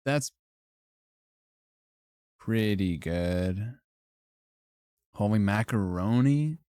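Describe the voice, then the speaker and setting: A man's voice: on the low side, expressive, very slow, dark tone, clear, resonant tone, no echo, studio quality. A man streaming live, ranking things in casual, profane, joking commentary and laughing often.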